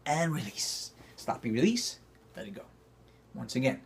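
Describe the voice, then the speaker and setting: A man's voice: on the high side, very animated, normal speed, creaky, a little hiss or hum. A man teaching acting, talking to camera and calling out cues while he demonstrates movement exercises. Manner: coaching, calling out cues, rising to loud effortful bursts.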